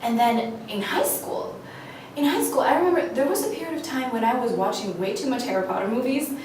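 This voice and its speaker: A woman's voice: fairly high pitch, brisk, slight background noise. Eager young woman, American accent, echoey room. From China. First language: Mandarin Chinese. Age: 20s. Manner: eager and animated, with frequent restarts. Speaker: actress auditioning. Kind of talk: audition monologue to camera. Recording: echoey room, mic far off.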